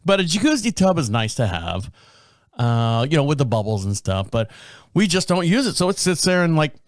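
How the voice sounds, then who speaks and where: A man's voice: a little high, sing-song, moderate pace, no echo. Joking, rambling man on a dry mic. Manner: joking, rambling, self-deprecating. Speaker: podcast host. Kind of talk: casual storytelling monologue.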